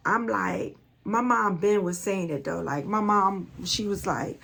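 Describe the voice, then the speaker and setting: Middle-aged woman, gravelly voice, casual storyteller who repeats herself and acts out dialogue. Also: medium pitch, a little slow, a bit bright. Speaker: vlogger.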